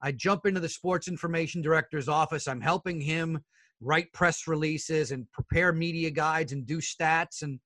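A middle-aged man with a bright, somewhat high voice tells stories from his broadcasting career, recorded close and dry. He speaks with animation and puts on the voices of the people in his anecdotes. He calls his hosts "fellas.". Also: moderate pace, no echo. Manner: animated storyteller who acts out the other people in his stories. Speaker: guest, sports broadcaster. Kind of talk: casual interview storytelling.

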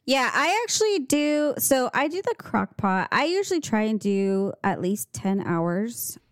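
A blunt, wry woman co-hosts a podcast in easy, casual conversation. Her pitch swings widely and expressively, and the sound is dry and close with no room echo. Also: very animated, measured pace. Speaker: podcast co-host. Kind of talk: casual chat.

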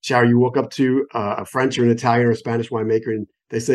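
A man's voice: mid-range voice, level tone, quick pace, darkish tone. An American man, a wine expert guest on a phone call, explaining in an enthusiastic, digressive way with many examples. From United States. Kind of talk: conversational interview explanation.

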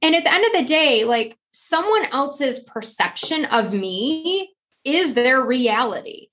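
A woman's voice: high voice, big pitch swings, unhurried, a bit bright. A middle-aged woman from New Jersey, a podcast guest chatting casually and animatedly, acting out voices when she quotes people. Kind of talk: casual conversation.

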